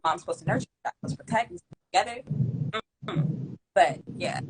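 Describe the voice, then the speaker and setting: A young woman hosting a casual livestream, giving emphatic, slangy shout-outs and thanks to her viewers. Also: on the low side, expressive, brisk, noisy background. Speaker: livestream host.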